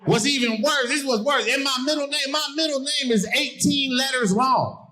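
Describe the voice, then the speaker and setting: A middle-aged man from Hawaii performing animated stand-up on a comedy stage, shouting his punchlines. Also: extremely high pitch, normal speed. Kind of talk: stand-up routine. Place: comedy stage before a live audience. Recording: live show with loud crowd.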